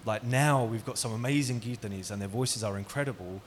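A man's voice: on the low side, fairly quick, slight background noise. A man giving an interactive talk, asking the audience questions and telling stories. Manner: engaging, asks the audience questions. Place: hall with an audience.

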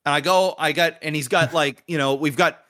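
A man with a fairly high, bright voice and a tense edge co-hosts a podcast. He tells a story in loose, animated chat, swearing freely and breaking into laughter. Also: brisk. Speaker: podcast co-host. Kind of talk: casual chat, anecdote telling.

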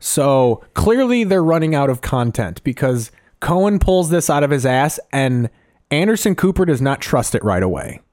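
A man's voice: medium pitch, sing-song, moderate pace, darkish tone, no room sound, clean studio sound. A man co-hosting a podcast, chatting casually and profanely in a rambling, jokey way. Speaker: podcast co-host.

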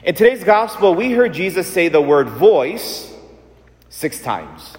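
A man preaching a sermon in a conversational, animated way, asking his listeners questions. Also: sits high, slow. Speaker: priest. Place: church. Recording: long church reverb.

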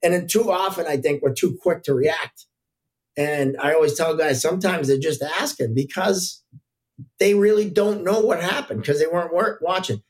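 Man telling relaxed referee stories. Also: fairly high pitch, normal speed. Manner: relaxed, anecdotal, frequent fillers. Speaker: hockey referee and guest. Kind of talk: casual podcast storytelling.

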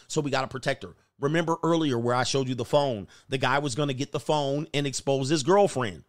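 A man hosting a casual commentary rant, telling stories in an animated way and acting out the voices of the people in them. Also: medium pitch, brisk, hardly any pauses. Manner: animated storytelling, acts out voices, laughs often. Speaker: host.

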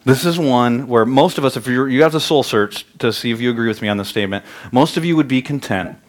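A man in his thirties preaching a sermon as pastor, telling lively stories that climb loud and high. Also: fast talker. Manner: animated storytelling, rising loud and high in anecdotes. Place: church sanctuary.

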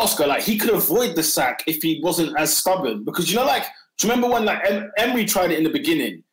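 Casting note: animated, high-pitched man, slangy football fan, echoey room. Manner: expressive, stammering restarts, slangy. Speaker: podcast panelist. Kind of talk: casual football chat. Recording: roomy echo.

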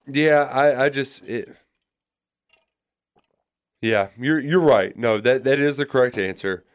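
A man's voice: mid-range voice, slow pace, clean tone. A man co-hosting a sports radio show, telling a long rambling story in casual chat with many restarts.

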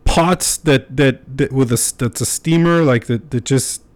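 A man's voice: medium pitch, measured pace. A young man chats on his podcast in a loose, unscripted way. He talks candidly and rambles, with fillers and casual swearing, in a mid-range voice. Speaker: podcast host.

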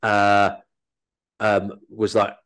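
A man who works as an actor and comedian, telling animated, self-deprecating anecdotes as an interview guest. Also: fairly low pitch, very slow, clean tone.

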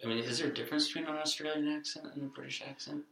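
A man co-hosting an improvised comedy podcast, giving dry, terse, low-key replies. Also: fairly even intonation, racing, bright, forceful tone, echoey room. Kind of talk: deadpan improvised comedy chat.

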